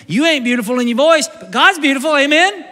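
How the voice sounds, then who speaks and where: A male pastor preaching a conversational sermon, moving from loud bursts to hushed, slow lines, recorded live in a church sanctuary. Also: extremely high pitch, animated, big-room sound.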